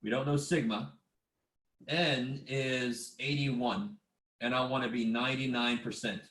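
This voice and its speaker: Through a video call microphone, a man gives a relaxed online statistics lecture as a math instructor. He speaks unhurriedly in a medium, slightly bright voice with fairly even intonation, poking fun at himself and muttering asides and mild curses.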